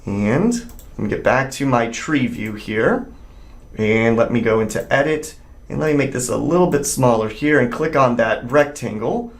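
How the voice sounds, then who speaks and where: Man walking through a software tutorial. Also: mid-range voice. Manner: step-by-step, conversational, thinking aloud. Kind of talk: screen-recorded software tutorial.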